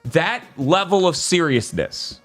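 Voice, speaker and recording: A man telling an animated, profane story in casual chat during a gaming stream. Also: on the high side, slow, soft background music. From United States.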